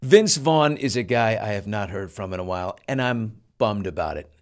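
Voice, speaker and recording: A man's voice: on the low side, lively intonation, moderate pace. A middle-aged man hosting a podcast, commenting casually with lots of fillers and an incredulous tone. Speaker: podcast host.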